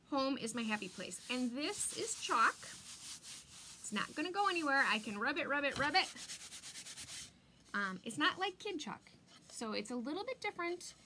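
A woman's voice: high-pitched, pushed and bright, slight background noise. A woman hosting a live craft demonstration stream, chatty and bubbly, greeting viewers by name and stretching out words for emphasis. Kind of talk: live craft demo chat.

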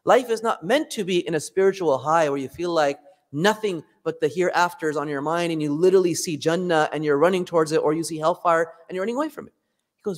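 A man giving a Friday sermon, retelling stories in an animated way and acting out the quotes. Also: on the high side, fast. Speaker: preacher. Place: mosque hall. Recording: long hall reverb.

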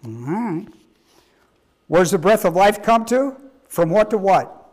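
A man with a high-pitched voice preaches as a pastor. He teaches emphatically, repeating himself and quizzing the congregation. His delivery is halting and full of restarts. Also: sing-song, a little mellow. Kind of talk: sermon teaching.

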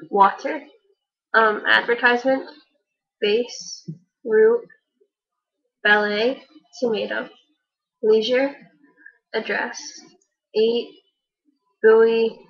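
Young woman, higher voice, hesitant casual reader, muffled lo-fi home audio. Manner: hesitant, frequent ums. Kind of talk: reading a word list on camera. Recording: dull lo-fi home recording.

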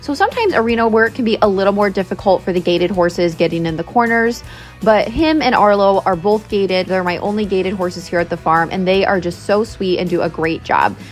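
A woman's voice: mid-range voice, fairly quick, faint music behind. A woman vlogging at a horse farm, explaining step by step in a friendly, casual way and checking in with her viewers as she goes. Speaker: horse owner and rider. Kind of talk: casual instructional vlog.

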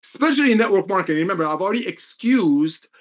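Excitable man with a lively, swooping voice. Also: high-pitched, quick pace. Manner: emotional, excitable, repeats figures for emphasis. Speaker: network marketing company executive. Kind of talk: motivational company update.

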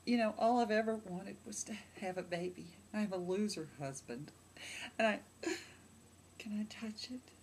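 A woman playing a fussy wife desperate for a baby, earnest and pleading, with soft whispered asides, in a comedy skit. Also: medium pitch, moderate pace, a little hiss or hum, lightly acted.

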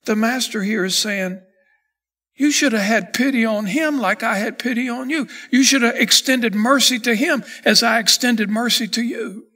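A man preaching a sermon as pastor, reading scripture slowly and then building in intensity. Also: very high-pitched, bright, forceful tone, breathy edge.

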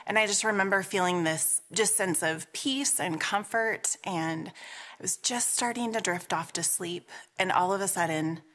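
A woman with a slightly low voice speaks at a memorial service, sharing memories of her mother in a warm, unscripted way. She talks conversationally, with pauses, fillers and small restarts. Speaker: daughter giving a eulogy. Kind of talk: personal memorial tribute.

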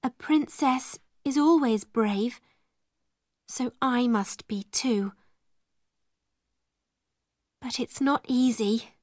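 Storybook girl: a woman voicing a brave, quiet servant girl, high and gentle. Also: very slow, long pauses, no room sound, clean studio sound. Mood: earnest. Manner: quiet and earnest.

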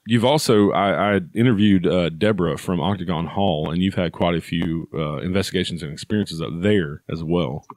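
A man's voice: low-pitched, normal speed, hardly any pauses, a little mellow, no room sound, clean studio sound. A man hosting a paranormal podcast, chatting casually with his guest and pointing listeners to the guest's channels. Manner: friendly, plugs guest's channels. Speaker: podcast host. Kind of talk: casual interview.

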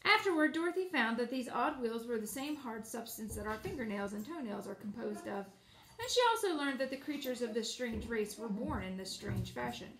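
Woman reading a storybook, high voice, expressive, roomy echo. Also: a little fast, slight background noise. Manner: expressive, apologetic asides. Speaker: audiobook reader. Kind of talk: storybook read-aloud.

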